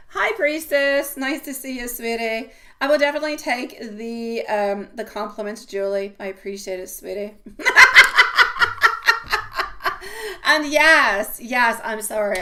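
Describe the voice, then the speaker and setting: Hosting a tarot livestream, a mid-range-voiced woman talks casually to her audience, addressing them as my love and sweetie. Her delivery moves between soft asides and loud exclamations.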